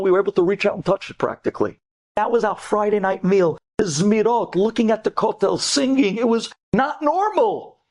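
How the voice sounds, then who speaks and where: Animated New rabbi telling a story. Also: male voice. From United States. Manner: animated, swings between hushed and soaring pitch; sprinkles Hebrew terms into speech. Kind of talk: inspirational storytelling.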